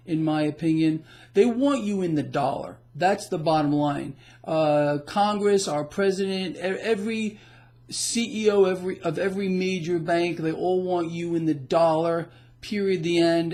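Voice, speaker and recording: A man's voice: fairly high pitch, darkish tone. A man hosting his own financial blog, talking casually about the markets in an emphatic, boastful way, and laughing now and then at the news. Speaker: financial blogger.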